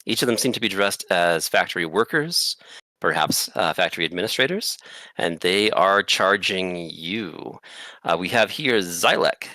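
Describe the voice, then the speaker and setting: A man narrating as game master of a tabletop game, rambling with many filler pauses. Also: low-pitched, lively intonation, pushed and bright, no echo.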